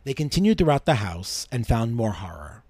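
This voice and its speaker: A male podcast host telling a true-crime story in a measured way, dropping low for grim details. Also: big pitch swings, darkish tone, breathy edge, no echo.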